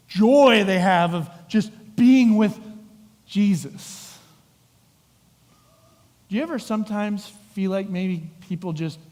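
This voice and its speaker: A middle-aged male pastor delivers a lively sermon, acting out the characters in the story as he goes. His voice sits high for a man. The sanctuary adds a long, ringing reverb. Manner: animated storytelling with acted-out voices. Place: church sanctuary.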